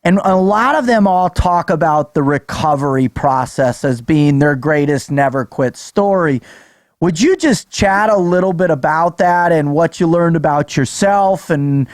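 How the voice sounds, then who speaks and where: A man hosting a podcast who asks his guest questions in a halting, searching way. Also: fairly high pitch, expressive, dry recording. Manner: halting, with fillers and restarts when asking. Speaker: podcast host. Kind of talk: interview questions.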